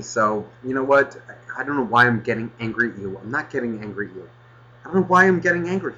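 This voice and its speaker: A man rambles through a casual podcast with a bright, forceful edge, cursing freely and working himself into mock rants. The recording is dull and lo-fi, like a home setup. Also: mid-range voice, fast talker. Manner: rambling, swears often, flares into mock anger. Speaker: podcast host.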